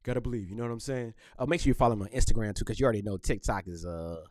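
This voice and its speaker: A man hosting a podcast, talking casually and joking in loose, animated trash talk. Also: on the low side, rapid-fire, no room sound, clean studio sound. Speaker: podcast host. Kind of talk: casual solo podcast rant.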